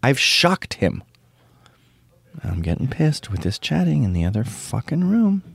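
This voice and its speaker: A man's voice: mid-range voice, sing-song, measured pace, vocal fry, slightly rough, no room sound. A middle-aged man hosting his own show, telling crude stories in a ranting casual monologue. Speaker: show host.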